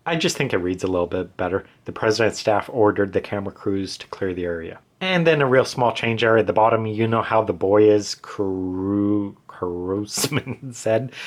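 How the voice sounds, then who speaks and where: A man in casual talk, explaining changes he made to his writing, rambling with many fillers and restarts. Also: fairly low pitch. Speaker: author explaining his edits.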